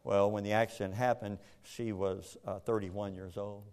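A man with a drawl and a somewhat low voice tells a personal story. He speaks plainly and earnestly, moving between quiet and more forceful stretches. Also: little pitch movement, normal speed, clear, resonant tone. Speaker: speaker telling his story. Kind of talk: personal testimony.

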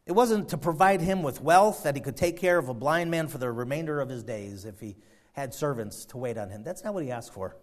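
A man preaching a sermon, swinging from quiet, slow reflection to loud, climbing exhortation, often repeating words as he builds. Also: mid-range voice, lively intonation. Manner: repeats and restarts phrases while building intensity.

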